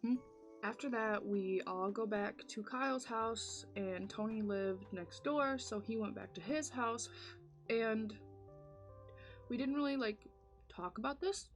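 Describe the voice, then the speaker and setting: Woman, vlogger, casual storytime, chatty, lots of fillers, clear background music. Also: on the high side, unhurried. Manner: chatty, many "like" fillers, dramatic retelling. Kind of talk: casual storytime while doing makeup.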